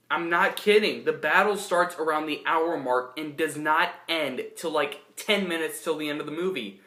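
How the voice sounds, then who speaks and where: Bright-voiced young man in an echoey room. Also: fairly high pitch. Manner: rambling, full of restarts and fillers. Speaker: film reviewer. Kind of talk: casual spoken film review.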